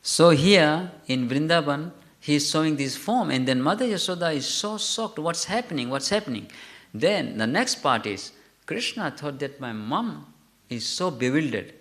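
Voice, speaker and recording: Man, scripture class, storytelling, higher-pitched voice, halting, self-correcting, questions to listeners. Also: lively intonation, a bit bright. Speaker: lecturer.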